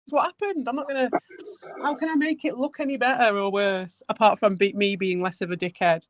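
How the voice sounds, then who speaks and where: A woman's voice: medium pitch, fairly even intonation, fairly quick, dry recording. A woman hosting a casual chat, candid and self-deprecating, who laughs often.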